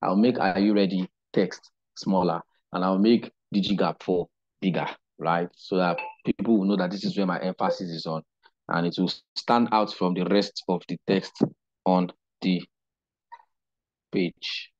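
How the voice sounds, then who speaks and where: A man teaching a digital marketing class online, unhurried and explanatory, often checking in with "right?". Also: low voice, fairly even intonation, highs cut off. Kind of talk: live online class lecture.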